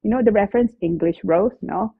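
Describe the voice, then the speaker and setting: A woman's voice: mid-range voice, a little fast, gravelly, breathy edge, no echo. A woman lawyer with a stuffy nose from a cold, co-hosting a live show, chatting casually, reading out viewer messages and often adding tag questions. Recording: dry, tinny phone-like line.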